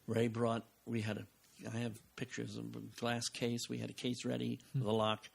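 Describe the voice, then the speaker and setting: An older man chats as a podcast guest from his own home, spinning anecdotes with a lot of energy. His voice sits mid-range and has a gravelly rasp. He keeps slipping into the voices of the people he quotes and laughs often. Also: mid-range voice, monotone, normal speed. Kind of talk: casual anecdotal storytelling.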